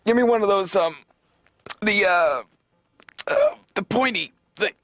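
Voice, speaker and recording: A man's voice: sits high, expressive, a little slow, a bit bright, no echo, voice pushed up. A man putting on the voice of a stoned, forgetful surgeon in a cartoon, heard as muffled lo-fi TV audio. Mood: muddled. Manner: vague, groping for words.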